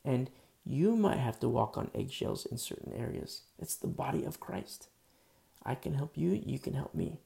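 A man's voice: medium pitch, big pitch swings, normal speed, vocal fry, mellow. A man preaching a conversational sermon in a casual, earnest way, full of fillers. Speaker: pastor.

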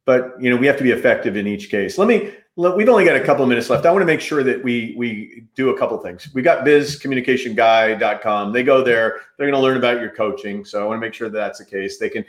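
A man hosting a live-streamed interview over a video call, talking with energy and jumping in with quick asides. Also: medium pitch. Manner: energetic, jumps in, fast asides. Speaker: host. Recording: roomy echo.

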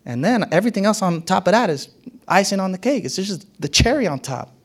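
A man preaches a sermon with emphasis and repetition, hammering key phrases. His very animated, brisk voice swings widely in pitch, sometimes dropping to a whisper and sometimes rising sharply.

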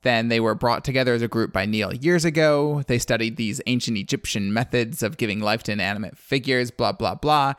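A man's voice: mid-range voice, a little fast, hardly any pauses, a bit bright, smooth, dry recording, clean studio sound. Chatty man recapping a movie. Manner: rambling, chatty, lots of "like". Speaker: podcast co-host recapping a film. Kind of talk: casual chat.

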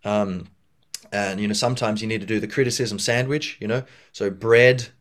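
A man with a fairly low voice hosts a solo podcast. He rambles casually, circling his points with frequent fillers and restarts. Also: fairly even intonation, normal speed. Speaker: podcast host.

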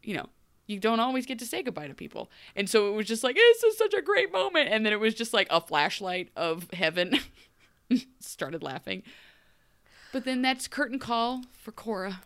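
A woman's voice: mid-range voice, lively intonation, moderate pace, a bit bright, no echo. Chatty woman podcast co-host, dry sound. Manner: gushing, laughs often, acts out characters' lines. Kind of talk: casual chat.

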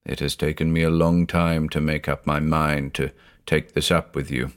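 A man's voice: a bass voice, flat delivery, moderate pace, smooth, pitched below the performer's own voice. A man reading a haunted older judge who talks in an intense, growling, confessional way. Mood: grave. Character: haunted, obsessive older male judge, brooding.

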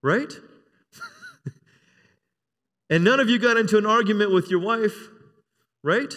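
A man's voice: high voice, unhurried, fairly bright tone. A man preaching a sermon as a pastor, talking conversationally and drawing amens from the congregation. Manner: conversational preaching with frequent call-and-response amens. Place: church sanctuary. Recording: long reverb of a church hall.

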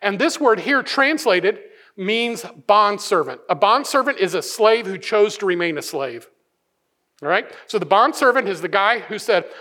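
A middle-aged male pastor preaching a sermon, acting out voices and swinging from hushed asides to loud emphatic points. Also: sits high, normal speed. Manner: animated, acts out voices, many restarts.

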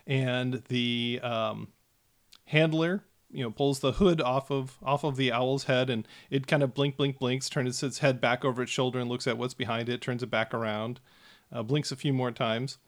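A man narrating a tabletop game as game master, his voice sitting at an ordinary middle pitch. He describes scenes in a relaxed, unhurried way, filling pauses with "uh" and "um". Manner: relaxed narration with many fillers.

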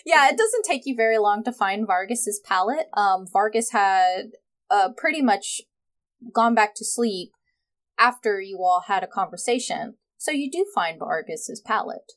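A woman narrating a tabletop role-playing game as game master, describing scenes in a relaxed way with some fillers. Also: mid-range voice, a little slow.

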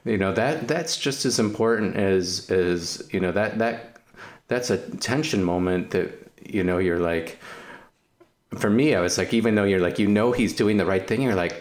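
A man with a very low voice talks through a film in a relaxed podcast chat. He circles his point with many restarts and "you know"s, thinking aloud as he goes. He speaks as a doctor reflecting on hard choices. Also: normal speed. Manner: reflective, winding sentences full of restarts. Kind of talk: casual film discussion.

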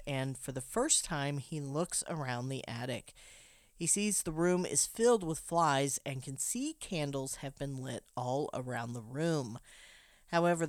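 A woman with a lowish voice walks through a film's plot, mixing casual commentary with dramatic retelling. The sound is dry and close, with no room around it. Her tone stays wry as she tells it. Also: no echo. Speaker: podcast co-host recapping a film. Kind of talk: casual recap narration.

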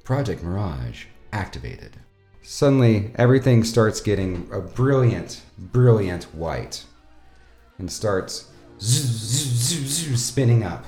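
Low slow-talking game master. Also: male voice, animated, warm tone. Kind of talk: narrating a tabletop game. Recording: echoey room with faint music.

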